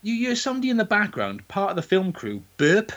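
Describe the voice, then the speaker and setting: A man in casual chat, retelling a film in a crude, sweary and animated way and acting out its lines. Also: high-pitched, fairly quick, highs cut off, a little hiss or hum.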